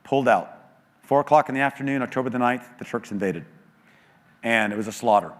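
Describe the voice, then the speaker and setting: A middle-aged American man speaking at a church, telling an emotional story with earnest, animated delivery and quoted voices. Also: medium pitch, a little fast. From United States. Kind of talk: storytelling talk. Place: large church auditorium. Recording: long hall reverb.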